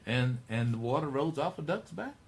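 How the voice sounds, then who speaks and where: A man's voice: mid-range voice, moderate pace, creaky. A middle-aged man hosting a talk radio show, rambling and digressing as he speaks to his listeners. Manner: rambling, digressive, animated storyteller.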